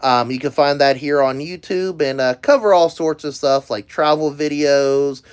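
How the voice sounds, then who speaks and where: A man's voice: a little high, moderate pace, clear, resonant tone. A middle-aged man hosting a casual product review video, rambling with frequent ums and uhs and restarts. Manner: rambling, filler-heavy with frequent um and uh. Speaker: YouTube host reviewing merchandise.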